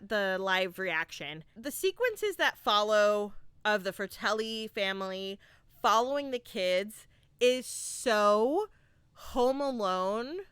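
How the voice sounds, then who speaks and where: Young woman podcast host, bright and clear voice, animated casual movie chat, dry close mic. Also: fairly high pitch, no room sound. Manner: animated, laughs often, acts out quotes.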